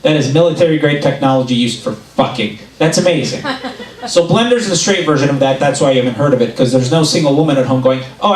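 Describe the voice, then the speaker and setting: A man with a fairly high voice does stand-up, telling his stories briskly and acting out the quotes. The sound is roomy and a little distant from the mic. A crowd laughs in the room around him. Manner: animated storytelling, acts out quotes. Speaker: stand-up comedian. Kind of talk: stand-up comedy set. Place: club stage before a laughing audience. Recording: roomy live club recording, mic at a distance.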